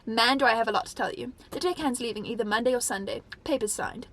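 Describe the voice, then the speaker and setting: A woman's voice: fairly high pitch, quick pace, a bit bright. A young woman from Africa, chatting casually and reading diary entries aloud, rambling with lots of "like". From South Africa. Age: young adult. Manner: chatty and rambling, heavy use of "like". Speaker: vlogger.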